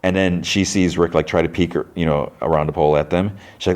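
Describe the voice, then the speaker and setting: Male podcast host, very low voice, loose chatty recap, tosses in little character voices. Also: fairly even intonation, brisk, darkish tone. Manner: loose retelling with frequent "like" and restarts, lightly mimicking characters' lines. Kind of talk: casual episode recap.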